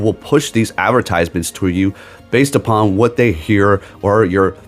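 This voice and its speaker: A man on a gaming video channel, rambling emphatically in a casual rant with sarcastic asides. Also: on the low side. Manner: rambling, emphatic, keeps tagging "okay?". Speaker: gaming YouTuber.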